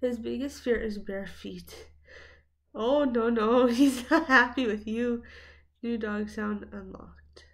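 A woman's voice: fairly high pitch, slow. A young woman chatting casually as she reacts to video clips, laughing often and talking back to what she watches.

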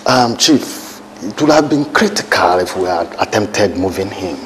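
An actor with a Nigerian accent playing a composed hospital doctor in a film drama, speaking in a measured, reassuring way with small hesitations. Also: male voice, sits low, expressive, fairly bright tone, a little hiss or hum, poor audio.

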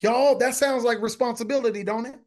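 A man's voice: very high voice, fairly even intonation, a little fast, a little mellow. A man, a pastor preaching a conversational sermon, repeating phrases and talking to his congregation directly.

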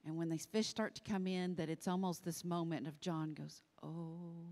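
A woman with a fairly low voice co-leads a Bible study in a thoughtful, conversational way. She retells scripture scenes vividly, as if she were there. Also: steady tone, fairly quick, a little mellow.

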